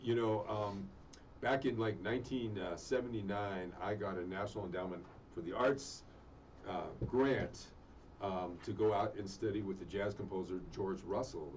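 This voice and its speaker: A middle-aged man talking in a relaxed, rambling way as a guest in casual chat, full of fillers. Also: on the low side, normal speed. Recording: distant dull mic with faint noise.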